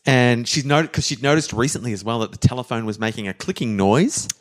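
A man's voice: mid-range voice, brisk. A man telling a story in a casual, rambling, jokey chat, laughing at his own bits. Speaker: storyteller, podcast co-host.

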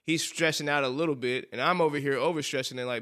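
A man with a Southern US accent hosts a casual podcast, spinning a college story. His voice is smooth and clear at an average pitch, and he laughs often as he talks. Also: quick pace. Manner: animated storyteller, laughs often, says "bro". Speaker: podcast co-host.

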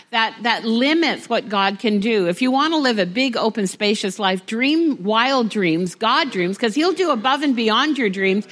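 A woman's voice: a little high, fairly bright tone. A woman pastor preaching to a congregation, talking plainly and rising to emphatic exhortation. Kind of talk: sermon. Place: church hall before a congregation.

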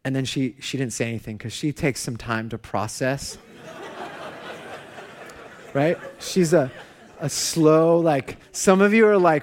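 Animated pastor man preaching. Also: a little high, moderate pace. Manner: animated storytelling, laughs and soft self-mocking asides. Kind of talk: sermon. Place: church hall.

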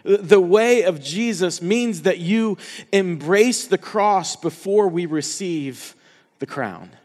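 A man preaching a passionate sermon as pastor, dropping to hushed tones for quoted words. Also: high-pitched, lively intonation, slow pace, long reverb tail.

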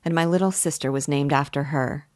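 A woman reading the part of a timid, reclusive male weaver who speaks low and hesitantly. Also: steady tone, brisk, darkish tone, dry recording, studio quality, lightly acted. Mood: quiet.

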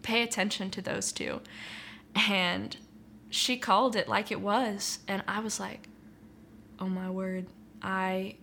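A woman's voice: medium pitch, steady tone, takes it slowly, gravelly, pauses often, bright, forceful tone, slight background noise. A young woman telling her personal faith testimony in an earnest, reflective, conversational way, with frequent "like" and "you know". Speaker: interviewee sharing testimony.

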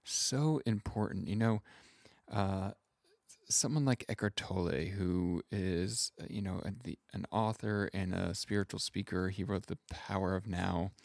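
A man with a low, gravelly voice hosts a podcast as a self-kindness coach. He speaks slowly and gently, feeling his way through each thought with soft pauses. The sound is close and dry. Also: no room sound. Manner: gentle, unhurried, searching for words with soft fillers. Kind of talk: reflective podcast introduction.

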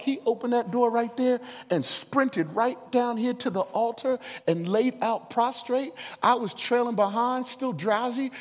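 Fervent high-voiced preacher in a big hall. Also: male voice. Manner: fervent, rising to forceful declarations. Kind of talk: sermon. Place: large sanctuary. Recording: long reverb of a large hall.

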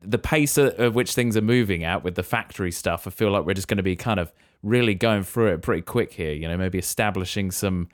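A man's voice: low voice, fairly quick, few pauses, dry recording, studio quality. A man co-hosting a casual podcast, joking and guessing a movie plot aloud. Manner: jokey, musing aloud, slips into silly voices. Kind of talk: casual playful chat.

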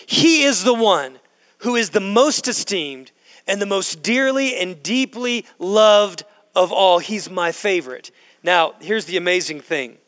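Casting note: middle-aged male pastor, high-pitched voice, passionate preaching that swells to loud emphasis, long church reverb. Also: animated. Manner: slows down to stress key words, building to loud emphasis. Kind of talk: sermon. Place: church sanctuary.

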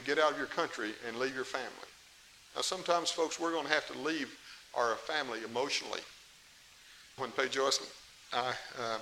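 A man's voice: mid-range voice, bright, forceful tone, low-quality recording. A middle-aged man preaching a sermon in a folksy, emphatic way, with asides to the congregation. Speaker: pastor. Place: church. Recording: faint hiss, 1990s tape.

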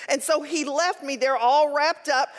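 A woman teaching a Bible study, mixing scripture with lively, humorous personal stories. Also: sits high, unhurried. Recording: long hall reverb.

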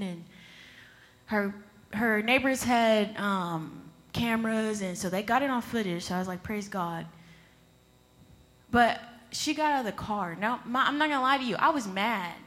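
Bright high-voiced woman preaching. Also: long reverb tail. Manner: emotional personal testimony, rising to fervent exhortation. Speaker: youth speaker. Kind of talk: sermon. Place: church service.

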